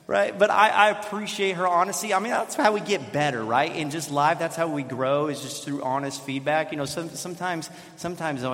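A man in his thirties preaching, with a fairly high voice that rings out into a long hall reverb. He tells stories in an animated, self-deprecating way. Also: brisk, few pauses. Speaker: pastor. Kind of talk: sermon. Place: church sanctuary.

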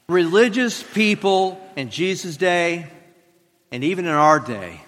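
Guy preaching a sermon, high bright voice, tells jokes and acts out the lines, big reverby hall. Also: slight background noise. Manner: storytelling with acted dialogue and joking asides. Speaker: pastor.

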